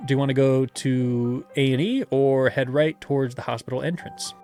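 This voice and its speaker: A man's voice: medium pitch, fairly even intonation, normal speed, a little mellow, soft background music. A man reading a gamebook aloud as game master, with playful asides and laughter.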